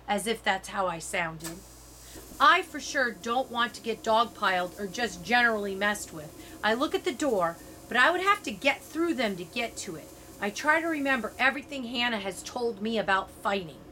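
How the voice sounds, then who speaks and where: A woman's voice: medium pitch, expressive, moderate pace, sharp tone, slight background noise. A woman reading a middle-grade novel aloud. She stops now and then to explain and sum up, and she lifts her voice for the characters' lines.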